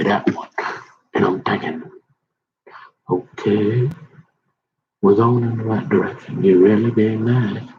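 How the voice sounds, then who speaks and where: A man rambling slowly through a casual monologue, folksy and meandering, with trailing asides. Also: lowish voice, a little mellow, slight background noise. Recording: dull lo-fi recording.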